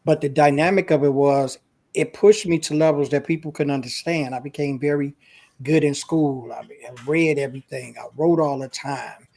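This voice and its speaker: A man's voice: fairly high pitch, moderate pace, creaky, darkish tone. A man, a guest on an interview show, earnestly telling a personal story in a casual, emotional way.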